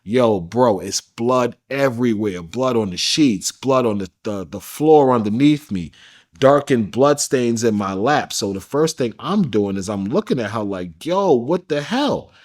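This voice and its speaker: Male interview guest, mid-pitched voice, candid storyteller, casual, slangy, blunt. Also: unhurried. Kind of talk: candid first-person storytelling.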